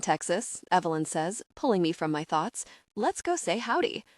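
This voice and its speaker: A young adult woman narrating a first-person romance audiobook in a measured, expressive storytelling manner. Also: medium pitch, dry recording, studio quality.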